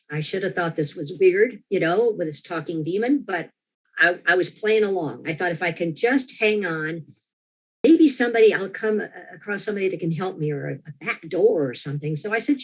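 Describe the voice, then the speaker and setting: A woman's voice: on the low side, brisk, slightly rough. A woman as an interview guest, earnestly recounting a personal experience, often restarting and quoting her own thoughts. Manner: earnest, with frequent restarts and quoted inner thoughts.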